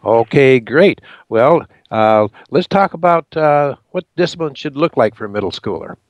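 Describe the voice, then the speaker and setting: A man hosting a radio interview, talking in a halting way with many fillers. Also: medium pitch, expressive, no room sound, lo-fi sound. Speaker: radio show host.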